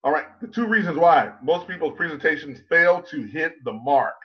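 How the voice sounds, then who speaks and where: A man gives an online conference talk as a public speaking coach, emphatic and slowing to land his points. His voice sits fairly high for a man. The sound is dull and lo-fi, as over a video call. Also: animated. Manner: emphatic, asks rhetorical questions, slows down to stress points.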